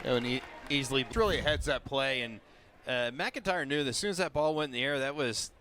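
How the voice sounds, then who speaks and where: A man giving relaxed color commentary on a baseball game, explaining plays. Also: mid-range voice, fast talker, some chatter behind. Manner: relaxed, explanatory, many fillers. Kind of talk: live baseball analysis.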